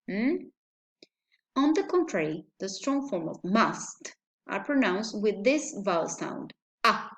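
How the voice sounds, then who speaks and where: Female teacher, slightly high voice, slow and methodical, recorded pronunciation lesson. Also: animated. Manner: slow, deliberate, with frequent "hmm?" checks.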